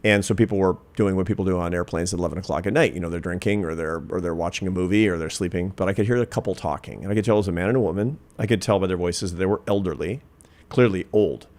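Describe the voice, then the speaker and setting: A man's voice: low voice, fast talker, darkish tone. A man in his fifties, a social scientist, telling a personal story in an interview, earnest and reflective, building to emphatic points. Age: 50s.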